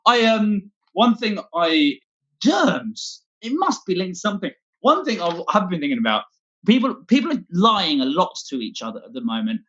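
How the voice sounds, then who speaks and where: A man's voice: high-pitched, big pitch swings, normal speed, a bit bright, dull audio. A man doing a scattered, self-deprecating stand-up set from home, swearing a lot as he talks. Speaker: stand-up comedian. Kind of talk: rambling online stand-up set.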